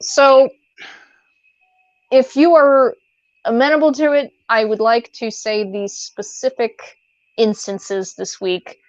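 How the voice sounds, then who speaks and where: A woman's voice: fairly high pitch, fairly even intonation, slow pace, pauses often, dry recording. A woman co-hosting a podcast in casual chat, rambling with lots of fillers and restarts. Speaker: podcast co-host. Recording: dull lo-fi sound.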